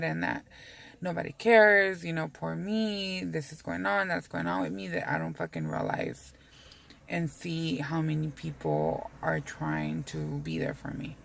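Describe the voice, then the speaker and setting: A woman's voice: low voice, creaky. A woman vlogging from inside her car in a rambling, candid way, swearing freely as she talks. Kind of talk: casual chat to camera.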